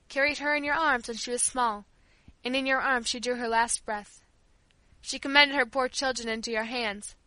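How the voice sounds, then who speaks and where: Devoted elderly servant woman in a storybook, tender and earnest, high bright voice, read by a woman. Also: dry recording, rough recording. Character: kindly old female family servant, devoted.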